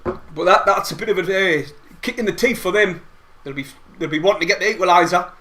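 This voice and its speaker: A man giving excitable, rambling play-by-play of a match from home, as host of a fan watch-along. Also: sits high, fairly quick, a little hiss or hum. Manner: excitable, rambling fan commentary with mild swearing. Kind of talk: casual live play-by-play commentary. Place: at home, not at the stadium.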